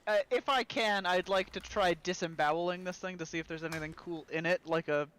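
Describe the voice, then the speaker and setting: Male player, high and smooth voice, casual and joking. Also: brisk, fairly bright tone. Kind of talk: tabletop game play.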